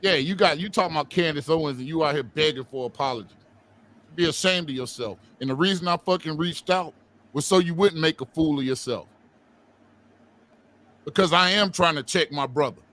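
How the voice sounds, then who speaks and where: A man's voice: on the high side, fairly quick, fairly bright tone. Defiant blunt man on a livestream panel. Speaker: co-host. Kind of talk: heated livestream talk.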